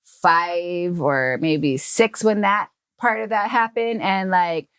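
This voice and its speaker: A woman, a podcast guest, telling a childhood story in a casual, animated way. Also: on the low side, slow, clear, resonant tone. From Hawaii. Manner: animated storyteller who acts out quoted family members.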